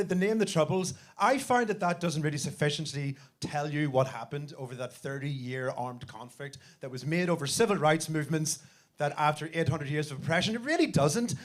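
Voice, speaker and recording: Northern irish guy doing stand-up, sweary, self-mocking, slightly high voice, live club mic. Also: lively intonation, fairly quick. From Northern Ireland. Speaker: stand-up comedian. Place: comedy club stage with audience.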